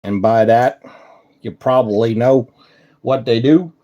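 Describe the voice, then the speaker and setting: A man's voice: medium pitch, unhurried, dull audio. A man with a Dutch accent, chatting casually with live-stream viewers while showing his ant colonies, with frequent ums. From Netherlands.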